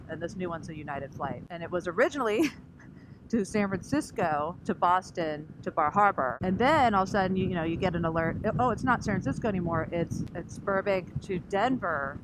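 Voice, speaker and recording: A woman vlogger telling a story casually and with energy, acting out what other people said. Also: fairly low pitch. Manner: animated, acts out other people's lines. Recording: noisy recording with vehicle sounds.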